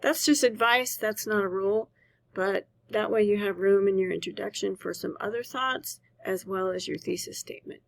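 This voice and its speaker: A woman's voice: medium pitch, normal speed, gravelly, dry recording. A woman teacher patiently explaining a writing assignment to her students, often checking in with "right?". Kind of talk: recorded class lecture.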